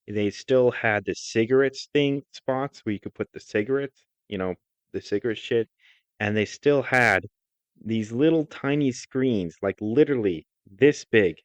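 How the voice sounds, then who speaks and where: A man's voice: lowish voice, smooth, no echo. A man co-hosting a podcast, telling stories in casual chat with blunt, wry remarks and casual swearing. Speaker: podcast co-host. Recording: dry, slightly dull sound.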